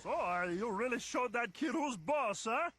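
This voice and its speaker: Tim the Bear, a smug cartoon bear. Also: male voice, very high voice, lively intonation, moderate pace, pushed and bright, no echo, heavily acted. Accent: Eastern European. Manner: dry, smug, mocking. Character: sardonic male bear from a cartoon. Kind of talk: cartoon voice acting.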